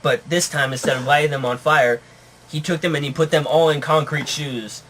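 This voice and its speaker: A man improvising a puppet story, narrating deadpan and often laughing. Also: a little high, moderate pace.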